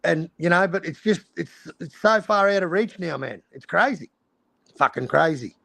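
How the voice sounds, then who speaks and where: A man's voice: a little high, animated, normal speed, vocal fry, a bit bright, no echo. An Australian man ranting in casual chat, swearing heavily. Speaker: stream host.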